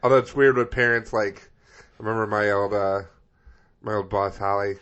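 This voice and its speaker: A man's voice: lowish voice, steady tone, moderate pace, fairly bright tone. A man co-hosting a comedy podcast, telling rambling stories in a laid-back way. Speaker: podcast co-host. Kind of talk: casual comedy chat. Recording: dull lo-fi podcast mic.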